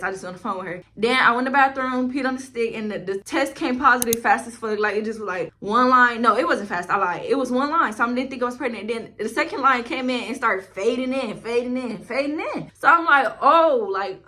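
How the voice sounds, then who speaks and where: Young woman, rapid chatty storytime, slangy and cursing, bright edge. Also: fairly high pitch. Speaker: vlogger. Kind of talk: casual storytime vlog. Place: home, in front of a ring light.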